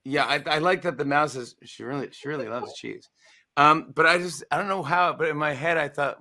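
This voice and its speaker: A man in his forties, a guest author in a casual interview, talking in a playful, animated way and acting out lines. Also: on the high side, a little fast.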